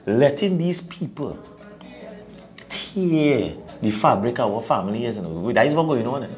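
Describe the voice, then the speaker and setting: Animated Trinidadian man preaching opinions. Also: medium pitch, normal speed, faint music behind. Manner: animated, preachy, laughs at his own points. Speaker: talk show co-host. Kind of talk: opinionated call-in talk.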